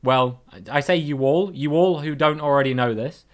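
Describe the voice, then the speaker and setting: While running a guessing game with his viewers, a man chats playfully on a live stream, calling out names in greeting and swearing casually. He speaks at a moderate pace with a fairly high pitch.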